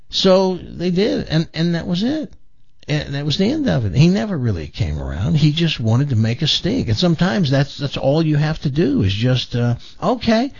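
A man's voice: on the high side, creaky, dry recording. A male radio talk show host, telling rambling, chuckling stories. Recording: dull broadcast audio.

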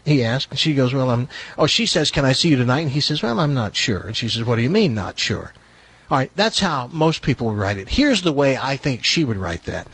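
A middle-aged man hosting comic talk radio, his voice a little husky and breathy. He reads aloud in a mocking, theatrical way and breaks off for sarcastic asides. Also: medium pitch, big pitch swings, brisk, a bit bright. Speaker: radio talk show host.

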